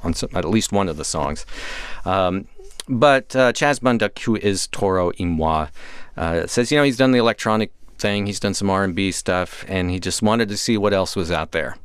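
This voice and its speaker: Eager, smooth-voiced radio music guest. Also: male voice, normal speed, no echo, clean studio sound. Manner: eager, animated, pitch jumping up on emphasis. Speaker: music contributor. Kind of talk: casual music chat on radio.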